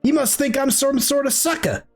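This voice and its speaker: A man putting on a shrill indignant halfling waiter. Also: moderate pace, faint music behind. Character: sly male halfling tavern waiter, defensive.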